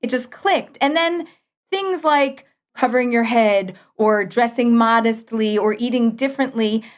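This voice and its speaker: A middle-aged woman talking casually as a guest, telling a personal story and acting out her own past lines with big jumps in pitch. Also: measured pace. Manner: animated, quotes herself with big pitch jumps. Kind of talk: conversational storytelling.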